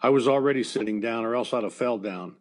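A man's voice: mid-range voice, quick pace. An older man, a former baseball coach, telling a personal story in an interview in a plainspoken, conversational way with fillers and restarts. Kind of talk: emotional storytelling in a podcast interview.

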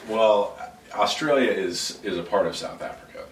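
A man, a lead pastor, chatting casually on a podcast, joking around and laughing often, with halting restarts. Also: fairly low pitch. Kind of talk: casual chat. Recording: roomy sound from a distant mic, faint noise.

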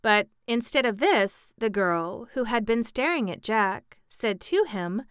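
Slow, smooth-voiced woman reading a storybook. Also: fairly high pitch, lively intonation, fairly bright tone, no echo, studio quality. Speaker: audiobook reader. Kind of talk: storybook narration with amused asides.

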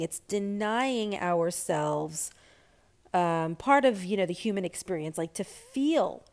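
Slow, thoughtful woman speaking candidly. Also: mid-range voice, a little mellow. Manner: candid, thoughtful, many fillers and restarts. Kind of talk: reflective personal talk.

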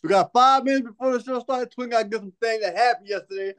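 Speaking quickly in an extremely high, clear, resonant voice, this male podcast host spins a long story during casual chat. He keeps laughing, cracks profane jokes, and voices other people's lines in changed tones, all with lively energy.

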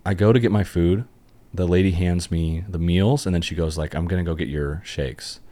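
A young man co-hosting a podcast, telling jokey, excitable stories in casual chat. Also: low-pitched, normal speed. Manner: animated storyteller, jokey and excitable. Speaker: podcast co-host.

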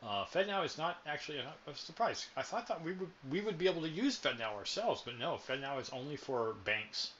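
A man's voice: on the high side, very animated, a little fast, few pauses, fairly bright tone, muffled recording, a little hiss or hum. A man co-hosting a casual crypto podcast, rambling and joking, stumbling over his words. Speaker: podcast co-host.

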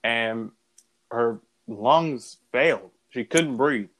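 A man's voice: medium pitch, extremely slow, a bit bright. Man, casual podcast talk, slangy, easygoing, laughs a lot. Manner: laid-back, slangy, laughs often. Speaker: podcast co-host. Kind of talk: casual chat.

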